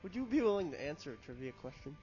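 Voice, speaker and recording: A man's voice: fairly high pitch, big pitch swings, fast, highs cut off, music in the background. A young man and student host who runs a joking campus quiz, outdoors on a college campus, with dry self-mocking humor. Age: young adult.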